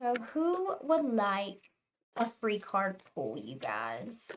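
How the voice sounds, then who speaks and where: A young woman chatting casually with her viewers on a tarot reading livestream, telling stories in an animated way. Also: mid-range voice, takes it slowly, a little hiss or hum. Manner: chatty, animated storytelling, talks to chat. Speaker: tarot reader livestream host.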